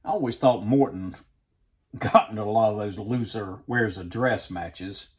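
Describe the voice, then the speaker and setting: A man's voice: on the low side, normal speed. A man hosting his own channel, rambling through casual reading and commentary with a wry, self-deprecating manner. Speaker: channel host. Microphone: webcam framing.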